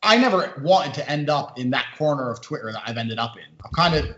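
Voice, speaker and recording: A man speaking as a podcast guest in casual conversation, a rapid storyteller who acts out the voices in his anecdotes. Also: medium pitch, expressive, a bit bright. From American-British. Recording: echoey, slightly muffled audio.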